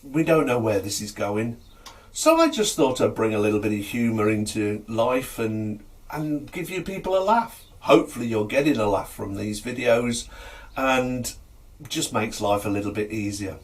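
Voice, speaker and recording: A man telling jokes to camera in a chatty, easygoing way. His pitch swings animatedly as he narrates. The voice sounds a little distant from the mic. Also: normal speed. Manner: chatty, lively, chuckles at own jokes. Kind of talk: casual joke storytelling to camera.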